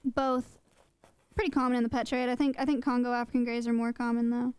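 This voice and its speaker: A woman's voice: a little high, little pitch movement, quick pace, darkish tone, clean tone, no room sound. A young woman live-streaming, chatting casually with her viewers in a rambling way. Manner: chatty, rambling, laughs often. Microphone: close desk mic.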